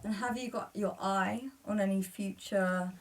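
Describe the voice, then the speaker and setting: A woman's voice: mid-range voice, steady tone, measured pace, rough recording. A woman hosting an interview, encouraging her guest with frequent short affirmations. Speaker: podcast host.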